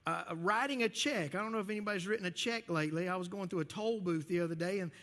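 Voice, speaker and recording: Texas preacher guy, kinda high voice, chatty folksy sermon w lots of restarts, echoey church hall. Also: quick pace, sharp tone. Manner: folksy storytelling with many restarts. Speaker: pastor.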